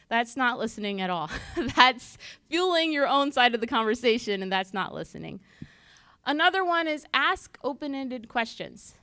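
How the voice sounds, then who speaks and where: A woman's voice: a little high, a bit bright, clear, resonant tone, dry recording. Woman giving a conversational church talk. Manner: conversational, acts out little dialogues. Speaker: church speaker. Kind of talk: teaching talk.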